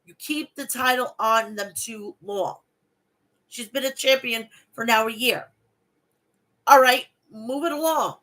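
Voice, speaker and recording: A woman's voice: on the high side, sharp tone, rough recording. A woman in her thirties hosting a casual wrestling podcast, blunt and swearing freely. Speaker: podcast host.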